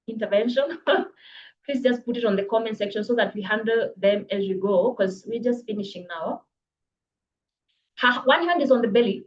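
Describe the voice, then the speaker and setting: A woman coaching public speaking in a live online workshop, brisk and encouraging, reading viewers' comments aloud. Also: on the high side, lo-fi sound. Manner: brisk, encouraging, reads chat comments aloud, laughs often. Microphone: video call.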